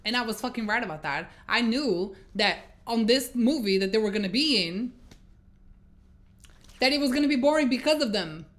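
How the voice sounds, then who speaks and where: A woman's voice: fairly high pitch, moderate pace. A woman giving a casual movie review, exasperated and swearing as she retells scenes. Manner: exasperated, swearing, animated storytelling.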